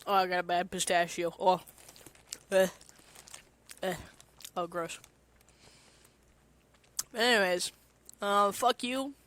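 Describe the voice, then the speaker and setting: A woman's voice: on the low side, steady tone, slow pace, long pauses, slight background noise. A woman streamer talking in a rambling, casual way and swearing now and then. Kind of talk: casual solo chat.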